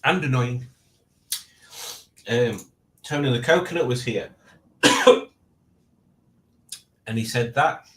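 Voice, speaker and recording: A man's voice: medium pitch, takes it slowly, long pauses, a bit bright. A man in his late forties hosting a casual live stream, rambling and reading out chat with self-mocking asides. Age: 40s.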